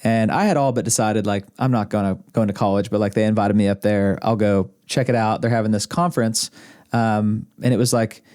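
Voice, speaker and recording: A man with a slightly low, somewhat mellow voice talks fairly quickly with mostly even intonation. He's a podcast guest from Arkansas, USA, and the host's husband, telling rambling stories in a casual chat, often chuckling and restarting sentences. The setting is an indoor podcast studio room.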